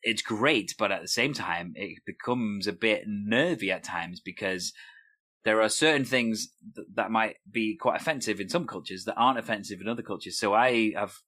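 Man, lowish voice, relaxed host asking about improv, easygoing. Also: moderate pace. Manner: easygoing, uses fillers like sort of. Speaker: host, improv group member. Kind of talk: casual conversation.

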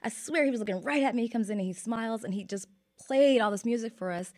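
Fast-talking woman telling stories. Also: fairly high pitch. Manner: fast, storytelling, animated. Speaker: guest journalist. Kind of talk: casual chat.

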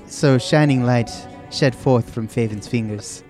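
A man's voice: mid-range voice, a little slow, a little mellow. A man playing a tabletop game, in a laid-back, self-mocking way. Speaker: player. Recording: music playing underneath.

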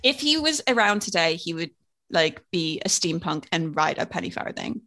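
Her voice sits on the low side with a sing-song lilt and a fairly bright tone, moving at a moderate pace. Co-hosting a podcast, she narrates a story in casual conversation, reading out its details and dropping dry, wry asides.

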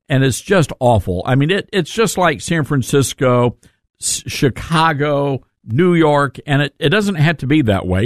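A man's voice: on the high side, no echo, clean studio sound. A man hosting a talk radio show, joking and self-mocking as he talks. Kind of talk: casual talk radio monologue.

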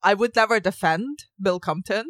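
A woman's voice: medium pitch, moderate pace, a bit bright, no echo, clean studio sound. A woman hosting a podcast in casual chat, wry and playful, who swears casually. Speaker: podcast host.

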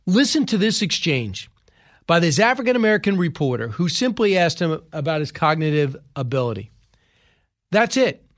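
Male commentary host, high pitch, emphatic, talks in rhetorical questions. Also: very animated, moderate pace. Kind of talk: opinionated political commentary.

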